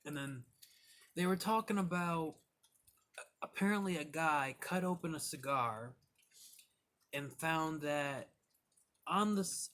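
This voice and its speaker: A man's voice: on the high side, fairly bright tone. Rambling casual man telling stories. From Michigan. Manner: rambling, loose, full of "like" and "you know". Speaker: cigar reviewer. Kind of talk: casual storytelling vlog.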